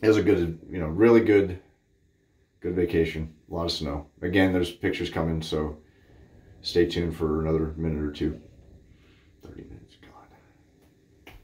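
A man's voice: low-pitched, fairly even intonation, moderate pace, pauses often, a little mellow. A man from Cape Cod giving a blunt, rambling, candid shaving product review in his bathroom. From Cape Cod, Massachusetts. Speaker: shaving vlogger. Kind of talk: casual product review chat. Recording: roomy echo.

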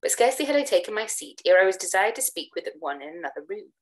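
A woman giving a dramatic reading of a classic tale, acting out the dialogue with shifts of pitch. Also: sing-song, fast talker, low-quality recording. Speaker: reader of gothic tales.

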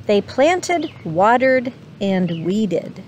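A woman reading a picture book aloud to children, slow and expressive, stopping to ask her listeners questions. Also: mid-range voice, slight background noise.

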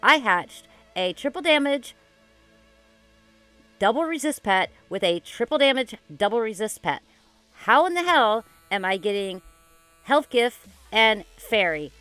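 A woman vlogging her gameplay casually, excitable and dramatic, rambling with lots of "like". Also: on the high side, a little slow, dry recording, faint music behind. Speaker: gaming YouTuber. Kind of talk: casual game commentary vlog.

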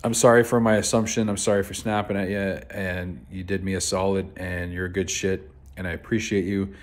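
Low-voiced man telling a story casually. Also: little pitch movement, normal speed. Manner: laid-back, rambling, with frequent fillers and swearing. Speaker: vlogger.

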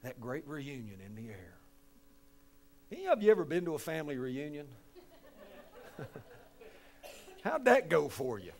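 High-voiced West Virginian pastor preaching. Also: male voice, big pitch swings, unhurried, long pauses. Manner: folksy, joking, swings from hushed to loud. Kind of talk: sermon.

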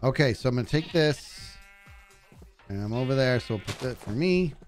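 A man's voice: medium pitch, lively intonation, normal speed, soft background music. A man streaming a game live, chatting casually to his viewers and to the animals on screen. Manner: chatty, talks to animals and chat. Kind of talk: live gameplay commentary.

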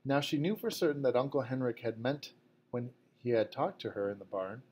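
Man narrating a novel, measured. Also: medium pitch, darkish tone, slight background noise. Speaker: audiobook narrator. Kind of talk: scripted narration.

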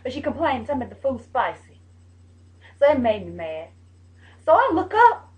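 A mother hosts a casual vlog in a high voice, chatting straight to her viewers. She talks in an emphatic, scolding way, leaning hard on her punchlines. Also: wildly swooping pitch, normal speed, a little mellow.

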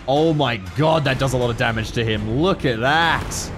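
A man with an Australian accent giving excitable, casual commentary while playing a strategy game, swearing freely and yelling at his units. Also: mid-range voice, moderate pace, hardly any pauses. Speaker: gaming streamer. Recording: commentary over game audio with music.

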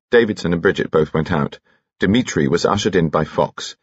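A man narrating an audiobook with expressive, varied delivery. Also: low-pitched, fairly quick, slightly rough, dry recording, muffled recording. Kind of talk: scripted narration.

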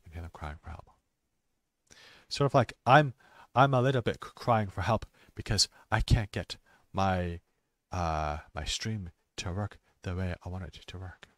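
A man who talks slowly and simply for English learners, with many restarts, and sometimes trails off into quiet muttering. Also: sits low, no echo, studio quality. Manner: slow, simple wording with many restarts and fillers; drops to quiet mutters while fixing his stream. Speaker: ESL teacher streaming. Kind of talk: casual talk for English learners.

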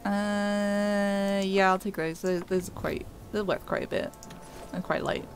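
A woman's voice: medium pitch, fairly even intonation, unhurried, soft background music. A woman streamer chatting casually over gameplay, giggling often and talking to her chat.

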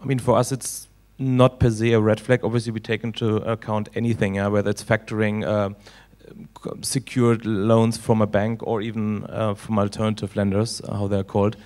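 A man speaking as a panelist on lending, halting often with "uh" and "um". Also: lowish voice, level tone, a little mellow. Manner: halting, many "uh" and "um". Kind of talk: panel discussion.

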